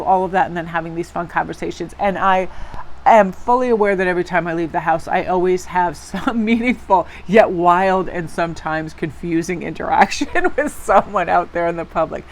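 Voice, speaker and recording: A woman with a Northeastern American accent and a lowish voice talks her viewers through a tarot reading. She is chatty and encouraging, wandering into asides. A faint hiss sits under her voice. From Connecticut, USA. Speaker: tarot reader.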